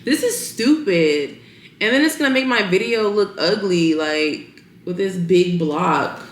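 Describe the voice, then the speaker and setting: A woman's voice: lowish voice, lively intonation, unhurried, slight background noise. A young woman vlogger chatting casually to camera from her bedroom, exasperated and ranting to her viewers. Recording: roomy echo.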